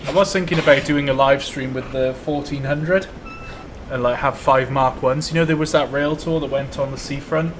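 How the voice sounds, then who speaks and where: A man's voice: medium pitch, steady tone, normal speed, slight background noise. Laid-back joking man streaming a train game. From Wales. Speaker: live streamer playing a train simulator. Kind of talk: casual live stream chat.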